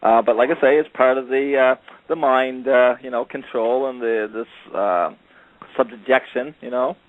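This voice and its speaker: A man's voice: medium pitch, steady tone, measured pace, dry recording. A man telling a rambling story in casual chat, with many fillers, acting out what others said. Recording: phone line call-in.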